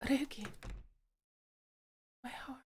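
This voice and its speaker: A woman voicing a timid, shy teenage girl in a visual novel, stammering softly and hesitantly. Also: very slow, slight background noise. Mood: flustered, breathless. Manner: hesitant, stammering, soft breathy delivery. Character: timid shy teen girl, anxious and flustered. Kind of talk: voice-acting a visual novel while streaming.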